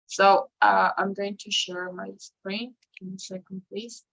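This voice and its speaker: Slow, patient woman teaching online. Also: mid-range voice, flat delivery, vocal fry, fairly bright tone, rough recording. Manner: explains slowly with many fillers and tag questions. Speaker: English teacher. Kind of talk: online class instruction. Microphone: video call.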